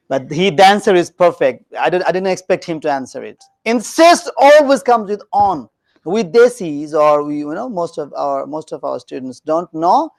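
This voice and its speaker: A man teaching a grammar lesson in a classroom, animated and joking with his students. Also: a little high, unhurried, creaky. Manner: animated, joking with students, mixes in Hindi phrases.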